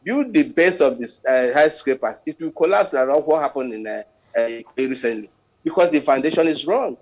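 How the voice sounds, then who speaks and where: A man's voice: mid-range voice, animated, moderate pace, a little mellow, low-quality recording. A man arguing his point as a guest on a TV talk panel.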